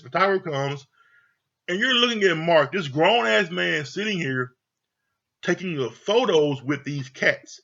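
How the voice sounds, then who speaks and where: A man with a somewhat high, bright and husky voice rambles through a reality TV recap in casual, profane commentary. He laughs often and swears freely. The recording is a little dull and lo-fi. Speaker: reality TV reviewer.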